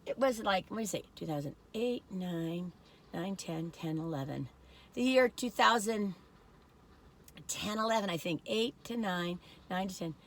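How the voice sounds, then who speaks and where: A woman's voice: medium pitch, a little slow. A middle-aged woman chatting casually in a meandering, folksy way while reviewing food. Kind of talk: casual rambling chat.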